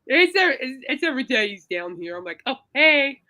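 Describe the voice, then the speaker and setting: A woman hosts a casual podcast with a bright, sharp voice. She chats and giggles freely, drawing her words out long when she gets emotional. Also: sits high, big pitch swings, fast talker. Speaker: podcast host. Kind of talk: casual chat.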